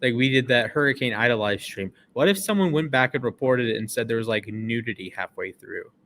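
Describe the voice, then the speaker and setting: A young man co-hosting a casual sports betting chat, talking in a relaxed, dry way with lots of "uh" and "like" fillers. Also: mid-range voice, brisk. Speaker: sports betting show co-host.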